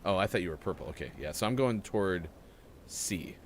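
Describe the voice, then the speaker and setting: A deep-voiced man hosts a casual gaming morning show, drifting from game chatter into news items. His delivery rambles loosely. A faint background hiss sits under the recording. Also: expressive, brisk. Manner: rambling, reads out news items between gameplay remarks. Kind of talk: casual chat while playing a game.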